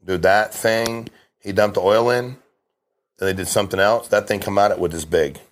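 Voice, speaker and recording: A man's voice: lowish voice, fairly even intonation, a little hiss or hum. A middle-aged man talking casually on a podcast as a guest, telling stories with emphasis and lots of restarts. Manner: fast, emphatic storytelling with frequent restarts. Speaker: guest, insurance sales agent.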